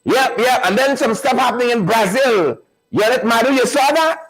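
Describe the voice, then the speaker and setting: A man's voice: very high voice, animated, moderate pace, fairly bright tone, rough recording. A man hosting a live online show, repeating phrases and hyping up viewers he greets by name. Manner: repetitive, hype-building, calls out viewers by name. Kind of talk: energetic live-stream chat, greeting viewers.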